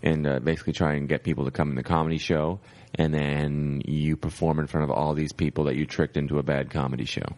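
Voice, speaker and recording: A man's voice: a bass voice, flat delivery, fast talker, hardly any pauses, a little mellow. A stand-up comedian, a man, telling a rambling anecdote in a casual podcast chat, full of "like" fillers. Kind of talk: casual storytelling.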